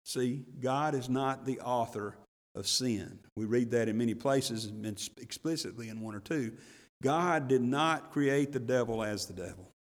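A man's voice: medium pitch, a little slow, big-room sound. A male pastor giving a sermon, talking in a folksy way that builds into emphatic, rising bursts.

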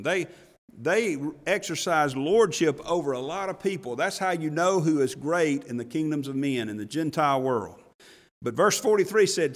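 A middle-aged man preaching a sermon as pastor, telling the story with animated voices. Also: on the high side, moderate pace, long reverb tail.

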